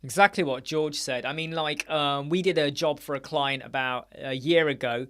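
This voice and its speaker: A man's voice: moderate pace, fairly bright tone. A man hosting a casual live-stream chat, answering viewers' questions in a chatty, blunt way. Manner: chatty and blunt, mimics people in a higher voice. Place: home studio.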